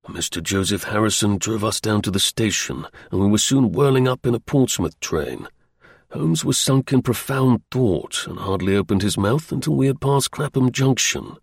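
A man reading a classic novel aloud as narrator, in an even storytelling manner. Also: on the low side, normal speed, creaky, slightly rough, dry recording, studio quality. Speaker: audiobook narrator.

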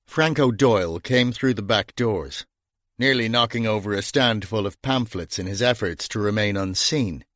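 Male narrator for a crime audiobook: middle voice, steady pacing, dry close mic. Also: medium pitch, dry recording. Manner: even, measured storytelling. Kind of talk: scripted narration.

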